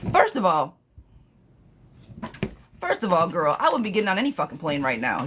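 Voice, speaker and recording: A woman's voice: on the low side, huge pitch swings, normal speed, pauses often, fairly bright tone, a little hiss or hum. A woman doing a live-stream tarot reading, talking bluntly and sassily, reading viewer questions aloud and cursing freely. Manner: chatty, laughs at her own jokes. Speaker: tarot reader.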